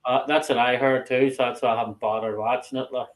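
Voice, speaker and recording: A man's voice: mid-range voice, fairly even intonation, quick pace. Rambling, foul-mouthed man. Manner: swears constantly, rambling. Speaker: streamer. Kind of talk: casual chat.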